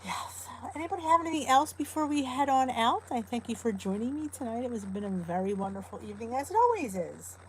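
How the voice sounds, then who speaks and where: A woman's voice: on the high side, big pitch swings, fast talker, few pauses, a little hiss or hum, low-quality recording. A middle-aged woman hosting a casual live stream chat from home, greeting her viewers by name in a chatty, cooing way. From New Jersey. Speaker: host of a live weight loss chat.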